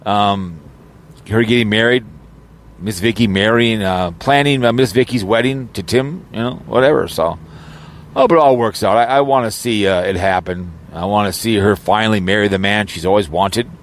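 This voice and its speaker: A YouTuber with a lowish voice rambles casually at a moderate pace in an audio vlog recorded in his car, joking around amid lots of fillers and false starts.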